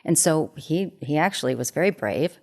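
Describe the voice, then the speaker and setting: Telling a heartfelt tale, a middle-aged relationship expert and matchmaker speaks gently and earnestly, repeating phrases to make her point. Her deep voice is expressive, at a normal speed.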